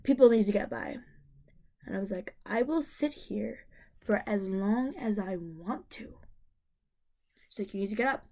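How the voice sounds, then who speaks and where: A woman's voice: medium pitch, unhurried, long pauses, mellow. A young woman vlogger telling a personal story to camera, emotional and rambling, with many fillers and restarts.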